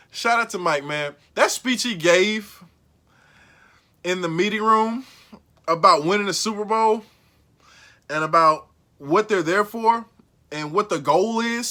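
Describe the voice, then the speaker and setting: A man hosting a casual recap vlog, slangy and excitable, repeating lines for emphasis and swinging from low mumbles to loud outbursts. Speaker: show recap host.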